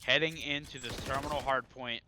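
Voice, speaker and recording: Guy doing color commentary on a shooter match, mid voice, trips on his words sometimes, loud game noise. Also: mid-range voice, fairly even intonation, a little fast. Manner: analytical, sometimes stumbling over words. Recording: noisy game audio behind.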